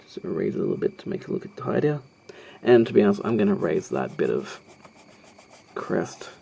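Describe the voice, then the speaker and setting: Man, drawing tutorial narration, husky, mellow dark tone, hesitant, self-deprecating. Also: fairly low pitch, big pitch swings, moderate pace. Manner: hesitant, rambling, self-deprecating, many ums. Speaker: art tutorial host.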